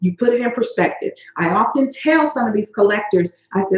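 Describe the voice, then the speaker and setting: A woman's voice: medium pitch, expressive, fairly quick, hardly any pauses. A woman hosting a motivational coaching video, speaking emphatically and in a folksy way that addresses listeners as honey and baby. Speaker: host and life coach. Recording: roomy, dull lo-fi sound.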